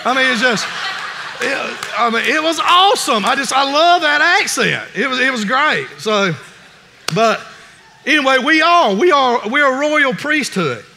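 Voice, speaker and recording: A man's voice: very high voice, animated, unhurried, vocal fry, bright, forceful tone. A man preaching a sermon in an earnest, folksy way, often restarting his sentences. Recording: long reverb in a large hall.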